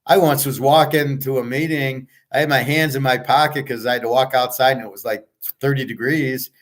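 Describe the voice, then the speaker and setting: A man from the United States hosting a casual monologue, blunt and profane as he rants. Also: mid-range voice. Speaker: podcast host.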